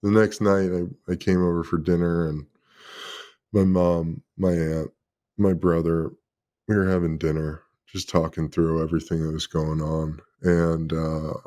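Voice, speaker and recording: A man's voice: low voice, flat delivery, a little slow, warm tone. A man in his thirties, a former pro football player, tells his personal story as a guest in an emotional, confessional way and swears freely.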